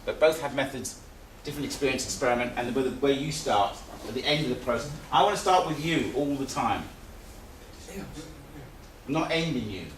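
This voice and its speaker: A man's voice: mid-range voice, normal speed. Man lecturing in an echoey room. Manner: repetitive, conversational, restarts phrases. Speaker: osteopathy seminar teacher. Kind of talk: live seminar lecture. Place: seminar room. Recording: echoey room, distant mic, faint hiss.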